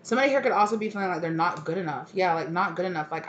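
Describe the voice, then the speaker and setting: A woman's voice: on the low side, racing, hardly any pauses, muffled recording, noisy background. A woman giving a casual tarot reading, naming cards and thinking aloud with many fillers. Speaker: tarot reader.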